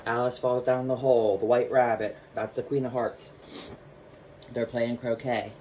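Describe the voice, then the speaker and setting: A man vlogging, telling a personal story in a chatty, animated way with lots of fillers while showing his artwork. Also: mid-range voice, normal speed, a little hiss or hum.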